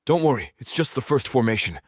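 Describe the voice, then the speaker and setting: Man voicing a young male hockey teammate, raised pitch, ribbing banter, audiobook scene. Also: very animated, fairly quick, breathy edge, dry recording, clean studio sound.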